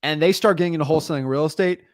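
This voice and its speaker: A man hosting a podcast in casual chat, energetic and emphatic, rambling with frequent restarts. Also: a little high, very fast, dry recording, studio quality. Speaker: podcast host.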